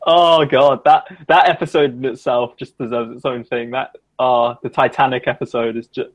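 A man co-hosting a casual chat, animated, laughing often and jumping up in pitch when excited. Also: normal speed. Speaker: podcast co-host.

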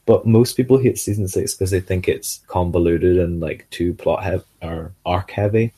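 A man co-hosting a casual chat about an episode, pausing to search for words. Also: deep voice, warm tone, breathy edge. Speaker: podcast co-host.

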